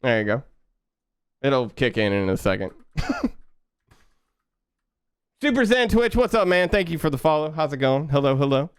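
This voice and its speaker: A young man chatting casually with his viewers while coding on a live stream, relaxed and quick to laugh. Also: fairly high pitch, smooth, no echo, studio quality. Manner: laid-back, chatty, laughs often, talks to chat.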